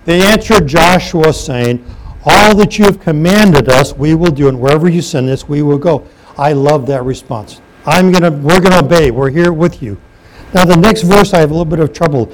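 Male preacher, fairly high voice, lively sermon delivery with light room hiss. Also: normal speed. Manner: reads scripture aloud and comments, asks the congregation questions. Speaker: pastor.

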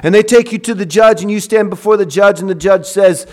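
A man preaching a sermon with passion, acting out short dialogues and swinging from loud to soft. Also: high-pitched, a little fast, few pauses.

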